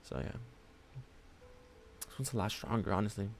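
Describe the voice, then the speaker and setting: Low, gravelly-voiced male trading streamer. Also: moderate pace, slight background noise. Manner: rambling, thinks aloud, drops "honestly" and "man". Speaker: day-trading live streamer. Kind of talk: casual live-stream commentary. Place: at home at his trading desk with his dog on his lap.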